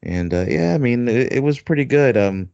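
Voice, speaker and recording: A podcast host rambles through casual chat, full of fillers and frequent laughs, in a very animated, mid-range voice at normal speed. His voice is creaky, a little mellow and clean-toned with no echo, though the recording itself is dull, dry and lo-fi.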